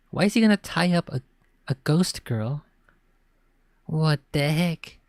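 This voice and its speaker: Brief: woman storyteller, low and even, chatty asides, dry close mic. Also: measured pace, pauses often, no echo. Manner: casual asides between read lines. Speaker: storybook reader. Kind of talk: reading a children's horror story aloud.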